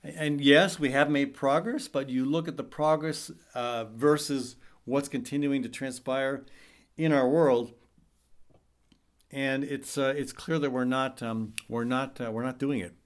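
Male talk radio host, middle-aged, halting but urgent delivery. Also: medium pitch, steady tone. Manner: urgent, halting, many fillers and restarts. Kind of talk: earnest talk-radio commentary.

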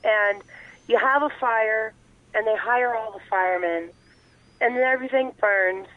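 Woman on a phone call, kinda high voice, tinny line, earnest and rambly. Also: measured pace, dry recording. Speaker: guest on a call-in interview. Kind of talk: conversational explanation.

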